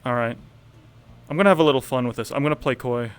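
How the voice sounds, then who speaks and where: A man's voice: mid-range voice, quick pace, smooth, no room sound. A man playing his character in a tabletop game, with a tired manner, sighing and restarting his sentences. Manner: weary, with sighs and restarts. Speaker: player. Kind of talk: in-character tabletop role-play.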